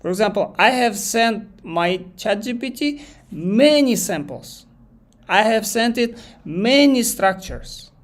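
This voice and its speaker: Young male teacher, high-pitched, relaxed, explains with examples. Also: slow. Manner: casual, explains with examples, greets viewers by name. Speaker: IELTS teacher. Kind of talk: live online lesson.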